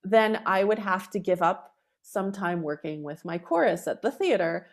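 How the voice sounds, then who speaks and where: A middle-aged woman composer in an interview, talking with animated emphasis and acting out the people she quotes. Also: mid-range voice, normal speed. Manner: animated, acts out quoted callers. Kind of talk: conversational interview.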